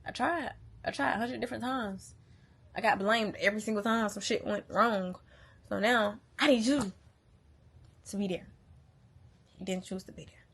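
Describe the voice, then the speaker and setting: A woman's voice: medium pitch, normal speed, vocal fry, pauses often, a bit bright, breathy edge. A young woman, a mother, talking candidly and bluntly to the camera, swearing often and repeating lines for emphasis. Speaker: mother venting on a channel. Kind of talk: candid casual venting monologue.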